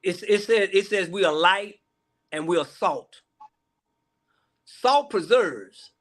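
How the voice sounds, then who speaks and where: A man's voice: sits high, expressive, takes it slowly, fairly bright tone. A man, a guest pastor talking casually with an emphatic, repetitive preaching cadence.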